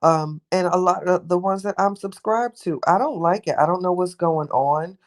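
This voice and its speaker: Chatting live with her viewers, this young host rambles warmly and calls people in chat by name. She speaks at a moderate pace in a voice on the low side.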